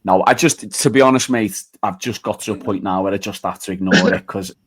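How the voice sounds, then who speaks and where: Brief: young man, low voice, exasperated ranting panelist. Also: brisk, breathy edge. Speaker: podcast panelist. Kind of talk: casual chat.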